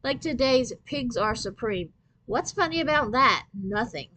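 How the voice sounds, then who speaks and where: A woman's voice: on the high side, expressive, a little slow, sharp tone, no room sound, voice pushed up, full character voice. A woman reading aloud and voicing a sly, taunting sixth-grade boy. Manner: mocking, taunting.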